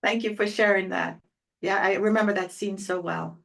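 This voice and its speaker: A woman hosts an interview conversation, asking her guest questions and wrapping up with upbeat, enthusiastic remarks. Her voice sits at a middling pitch. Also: steady tone, moderate pace, creaky, fairly bright tone. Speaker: interview host.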